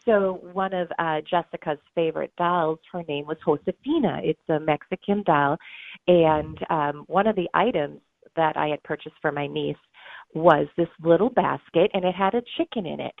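A woman's voice: low voice, moderate pace, vocal fry, no room sound. A middle-aged woman, a guest and author, telling an emotional story in an interview, earnest and acting out the voices of others. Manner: earnest, acts out quoted voices, laughs through tears. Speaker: guest, bereaved mother and author. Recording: tinny phone-like line.

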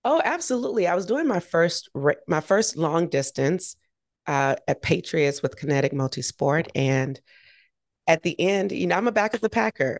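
Woman, low raspy-edged voice, bubbly storyteller, dry close sound. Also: no echo. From United States. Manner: energetic, animated storytelling. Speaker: triathlete and race announcer. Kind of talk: interview guest telling a story.

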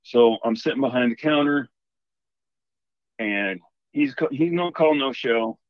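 A man's voice: mid-range voice, unhurried, no echo. Man telling a story over a dull line. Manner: animated, rambling storyteller. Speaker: caller telling a ghost story. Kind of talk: casual storytelling.

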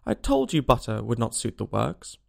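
A man's voice: mid-range voice, huge pitch swings, moderate pace, creaky, full character voice. A man voicing the Hatter, a rude, riddling, eccentric hatmaker. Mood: brusque. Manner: abrupt and contemptuous.

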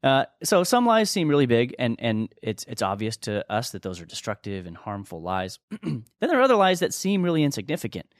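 A man co-hosting a conversational teaching podcast speaks a little fast at medium pitch, his voice swinging widely up and down. He's earnest and rambling, with restarts and chuckles, captured in a dry, studio-quality recording.

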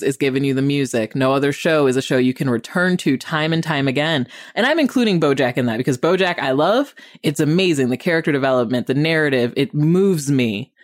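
A woman hosting a casual TV review podcast, talking in an opinionated, animated way with lots of rambling asides. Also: low-pitched, dry recording, clean studio sound.

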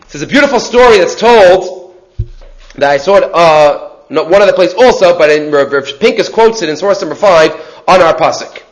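Brief: high-pitched male Torah teacher, casual lecture, drops in Hebrew terms. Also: expressive, moderate pace. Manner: mixes in Hebrew terms, often asks "right?".

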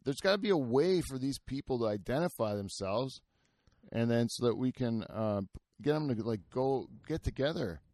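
A man's voice: mid-range voice, expressive, normal speed, darkish tone, no echo, studio quality. A man hosting a podcast in casual, rambling chat, full of fillers, restarts and swearing. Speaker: podcast host.

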